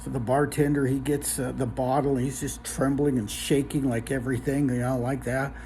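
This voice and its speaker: A man telling a long joke in a relaxed, casual way, with lots of ums and uhs. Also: medium pitch, fairly quick, slight background noise. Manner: relaxed, filler-heavy storytelling.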